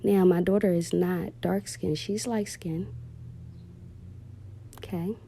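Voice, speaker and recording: A woman's voice: fairly low pitch, steady tone, slow pace, vocal fry, warm tone, a little hiss or hum. A woman, heartfelt and emotional, telling viewers a personal story about her daughter and calling them "y'all".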